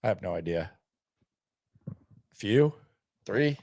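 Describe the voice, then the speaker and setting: A man's voice: fairly low pitch, animated, slow, creaky, darkish tone, no echo. A man hosting a sports channel, chatting casually and bluntly, skeptical, often repeating himself as he answers viewer comments.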